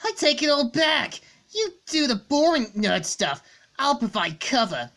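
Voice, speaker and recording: A woman voicing a brash, hot-headed young female fighter, reading comic dialogue in a cocky, loud manner. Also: on the high side, animated, slow pace, pitched above the performer's own voice, heavily acted. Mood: fired up.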